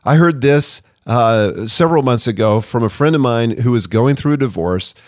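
A man's voice: medium pitch, animated, normal speed, dry recording, clean studio sound. A man hosting a podcast, speaking in an earnest, direct way and acting out sample apologies. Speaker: podcast host. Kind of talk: conversational podcast advice.

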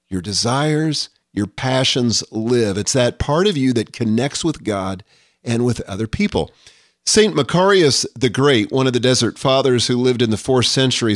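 A man's voice: mid-range voice, dry recording. Earnest older man on a dry mic. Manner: earnest, reflective, reads quotes aloud. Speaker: podcast host. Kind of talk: scripted podcast monologue.

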